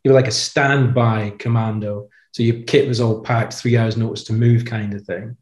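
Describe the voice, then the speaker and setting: A man, a former marine and podcast guest, telling stories in a chatty, relaxed way with frequent repeats and "you know"s. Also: fairly low pitch, normal speed, reverberant. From United Kingdom. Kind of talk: relaxed interview storytelling.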